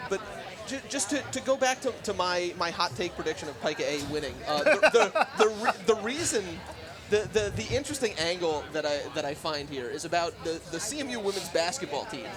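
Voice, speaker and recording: A man giving live race commentary outdoors, excited and rambling through hot takes. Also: fairly high pitch. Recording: outdoor crowd noise.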